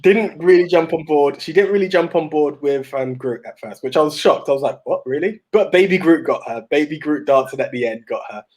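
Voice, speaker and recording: Rambling, animated male podcast co-host. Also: a little high, a little fast, hardly any pauses. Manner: rambling, animated storytelling with many restarts. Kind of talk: casual chat.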